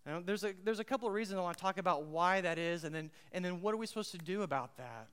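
A man preaching a sermon as pastor, emphatic and repeating his key phrases, swinging between loud and hushed, and putting questions to the congregation. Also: high-pitched, quick pace, clear, resonant tone, big-room sound.

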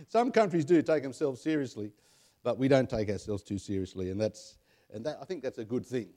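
A man's voice: medium pitch, lively intonation, normal speed, dark tone. Australian man chatting with many fillers. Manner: rambling, chuckling, many fillers. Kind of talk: casual chat.

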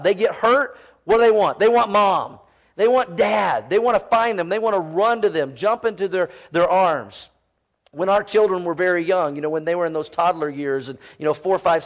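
A pastor in his forties preaches a sermon in church, animated and often imitating children's voices as he quotes them. His voice sits high.

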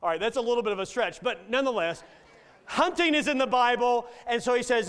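A man's voice: very high-pitched, fast talker, a bit bright, smooth. A middle-aged male guest preacher delivering a sermon in a folksy, joking manner.

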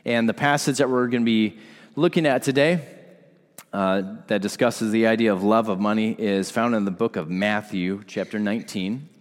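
A man's voice: lowish voice, steady tone, moderate pace, big-room sound. A man preaching a sermon in a conversational way, speaking directly to his congregation. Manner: conversational, asks the congregation to respond. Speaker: pastor.

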